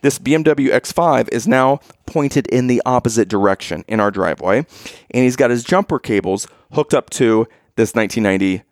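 A man's voice: medium pitch, normal speed, no room sound, clean studio sound. A man casually telling a story on a podcast, acting out the people in it as he goes. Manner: animated storyteller, acts out quoted exchanges.

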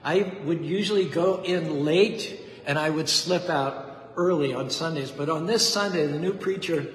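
A man's voice: a little high, unhurried. A man preaching a devotional sermon with fervent, rhythmic repetition and a story. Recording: echoey hall with faint ambience.

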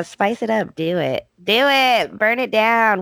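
A woman's voice: a little high, sing-song, takes it slowly, gravelly, a bit bright, no echo. A woman co-hosting a podcast, recapping a soap opera in a casual, joking way with many fillers. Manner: chatty, joking, with frequent fillers. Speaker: podcast co-host.

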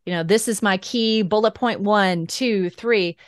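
A woman speaking as a guest voice coach in a podcast interview, explaining ideas in a lively coaching tone and laughing often. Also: medium pitch, unhurried, no echo, studio quality.

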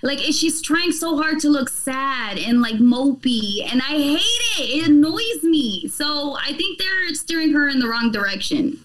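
High-voiced woman, blunt opinions. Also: lively intonation, moderate pace, few pauses, a loud crowd. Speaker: guest. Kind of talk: casual discussion.

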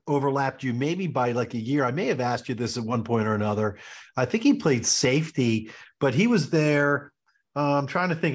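A man from Baltimore hosting a casual podcast interview, friendly and chatty, jumping in with questions. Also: a little high. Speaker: podcast host, physician.

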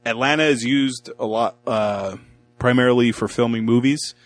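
A man's voice: mid-range voice, moderate pace, no room sound. A man hosting a casual movie review podcast, recapping the plot at length and thinking aloud with restarts. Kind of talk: casual chat.

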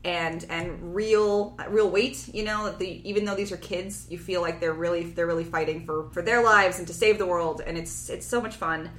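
A woman's voice: fairly low pitch, steady tone, moderate pace, hardly any pauses, a bit bright. A woman co-hosting a casual podcast, rambling enthusiastically and restarting her sentences. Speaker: podcast co-host. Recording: echoey room.

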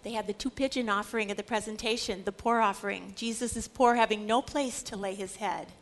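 A woman with a high voice leads a Bible lecture. She delivers it dramatically, rising to loud exclaiming and dropping to hushed, whispered asides. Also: steady tone, normal speed. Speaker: Bible teacher. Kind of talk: animated lecture.

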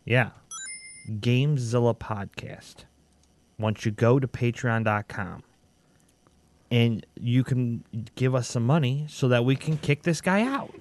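A man's voice: mid-range voice, steady tone, slow, pauses often, darkish tone. Easygoing male podcast co-host. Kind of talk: casual podcast chat.

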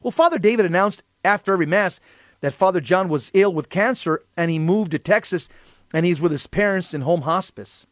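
A middle-aged Catholic lay speaker with a high voice gives a brisk, earnest personal testimony about faith. His emphatic delivery rises to shouting in quoted exchanges, and the clean studio recording has no room sound.

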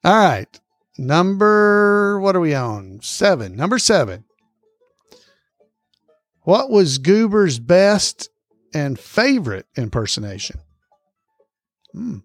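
A man hosts a casual trivia segment on his podcast, speaking close to a dry microphone. His voice sits a little high for a man, and he drags out each question and reads it twice. Faint music runs underneath. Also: sing-song, no room sound. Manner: reads questions slowly and repeats them, chuckles often. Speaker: podcast host running a trivia quiz. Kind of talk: casual podcast quiz hosting.

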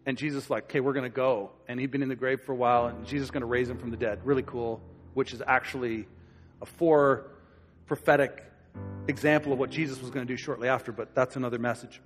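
A man preaching a sermon in a relaxed, conversational way, acting out quoted voices as he tells the story. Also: mid-range voice, fast talker, soft background music. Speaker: pastor. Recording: long hall reverb.

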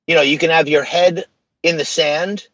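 A man speaking as a podcast guest in casual, earnest conversation, animated and loose with slang. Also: fairly high pitch, normal speed, no room sound, dull audio.

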